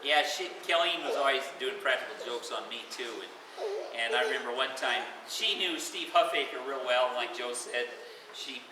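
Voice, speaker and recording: A man's voice: medium pitch, moderate pace. A man at his retirement party telling stories in a chatty, rambling way, laughing now and then, recorded from far off in an echoey, noisy hall. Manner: chatty, full of filler and restarts, laughing. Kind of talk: casual storytelling.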